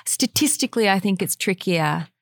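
A woman's voice: medium pitch, animated, normal speed, no echo. Candid Australian woman, dry close sound. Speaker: podcast guest. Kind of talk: casual chat.

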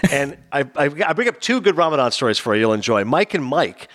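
In a relaxed podcast chat, a medium-pitched man co-hosting the show speeds through lively anecdotes, performing the voices of the characters he quotes as an animated storyteller.

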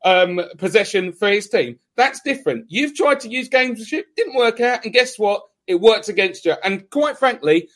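Male podcast host, high voice, forceful and argumentative delivery. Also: lively intonation, moderate pace, few pauses. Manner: emphatic, argumentative. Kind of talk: casual podcast chat.

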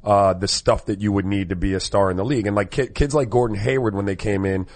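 A former basketball player co-hosting a casual sports talk show, keeping the conversation moving. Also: male voice, lowish voice, fairly even intonation, quick pace, darkish tone. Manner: conversational, moves the segments along.

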